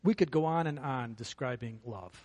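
A man's voice: medium pitch, normal speed, a little mellow. A middle-aged man preaching a sermon in a church, earnest and building to fervent emphasis. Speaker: pastor.

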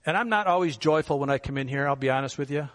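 A male pastor delivers a sermon in a friendly, conversational way, putting rhetorical questions to his congregation. His voice sits a little higher than most men's, and a long reverb from the church sanctuary trails after his words. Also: fast, a bit bright.

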